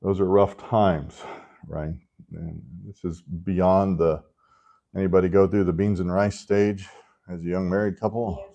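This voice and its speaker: A man with a deep, warm voice teaches a Sunday school class in an easygoing, chatty manner. He keeps checking in with his listeners and slips in wry jokes as he goes. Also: flat delivery, unhurried, highs cut off. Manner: conversational, often checks in with "right?"; joking asides to the class. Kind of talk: casual Bible class teaching.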